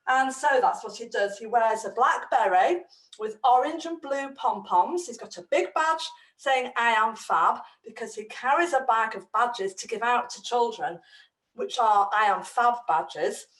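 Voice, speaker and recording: Lively woman, roomy distant sound. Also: fairly high pitch. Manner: lively, animated, chatty. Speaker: children's storyteller addressing parents. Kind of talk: explaining to parents.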